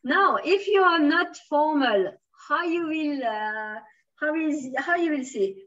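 A woman's voice: sits high, animated, takes it slowly, a bit bright, distant mic, muffled recording. A woman from Switzerland teaching a beginner French class. She switches between English and French, uses many fillers and keeps encouraging her students. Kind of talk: online language class.

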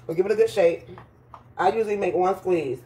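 A woman vlogging casually from her patio and home, chatty and quick to laugh at her own jokes, her voice slightly rough. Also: mid-range voice, mellow, slight background noise. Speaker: lifestyle vlogger. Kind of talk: casual vlog chat to viewers. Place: home patio then indoors.

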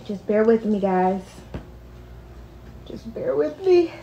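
A woman's voice: a little high, big pitch swings, takes it slowly, gravelly, mellow, a little hiss or hum. A young woman talking frustrated to her viewers in a casual vlog. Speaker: vlogger.

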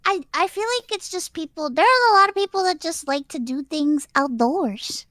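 Casting: high, bright woman, wry casual chatter, dry sound. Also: normal speed, no echo. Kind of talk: casual chat.

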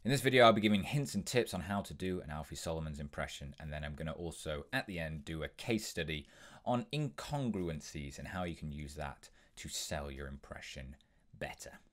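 A man's voice: rumbling low, animated, brisk, fairly bright tone. A young man hosting an impressions tutorial, explaining tips in an upbeat, step-by-step way. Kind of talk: instructional tutorial.

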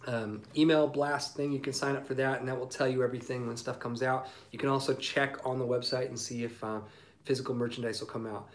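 A man, a singer-songwriter, chatting casually on a livestream through a phone mic and reading viewer comments in a relaxed, rambling way with lots of ums. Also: medium pitch.

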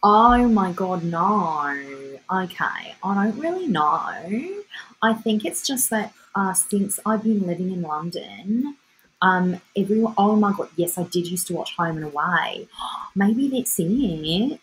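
A woman's voice: mid-range voice, lively intonation, slow pace, a little hiss or hum, poor audio. A young woman from Bulgaria with an Australian-sounding accent, chatting playfully and swearing casually while signing autographs on a livestream. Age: young adult.

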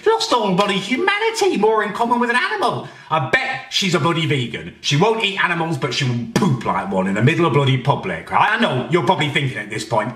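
A British man doing a comedic rant, exasperated and swearing, often shouting in indignation. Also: fairly high pitch, big pitch swings, fast talker, hardly any pauses, recorded from a distance. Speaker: comedy ranter. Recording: roomy, a bit off mic.

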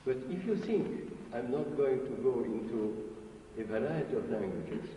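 A man, an Orthodox bishop, giving a spiritual lecture in slow, deliberate, halting phrases with long pauses. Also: medium pitch, very animated, dark tone, a little hiss or hum. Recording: archival recording, echoey hall from far off.

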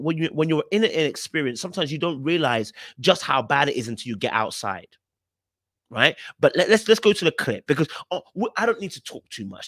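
Emphatic British man, lively pitch. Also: no room sound, clean studio sound. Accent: British English. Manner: emphatic, repetitive, lecturing. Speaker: podcast host reviewing reality TV clips. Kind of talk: commentary on video clips.

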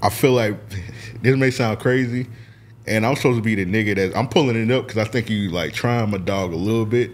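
A man co-hosting a podcast, talking in animated, profane, teasing casual banter. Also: on the low side, brisk. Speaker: podcast co-host.

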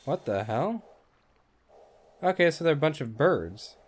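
A man's voice: fairly high pitch, big pitch swings, a little slow. A man hosting a let's play, giving casual, rambling gameplay commentary with wry asides and offhand cursing.

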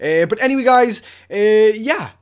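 A woman giving casual gameplay commentary as a YouTuber, excitable and prone to shrieking and laughing. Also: medium pitch, moderate pace, smooth. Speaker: gaming YouTuber.

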